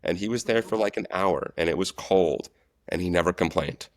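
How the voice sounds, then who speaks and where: A man telling set stories as a guest, relaxed and chatty in a casual interview. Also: deep voice, normal speed, no room sound, clean studio sound. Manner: animated storyteller, relaxed and chatty. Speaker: guest, actor and stunt coordinator.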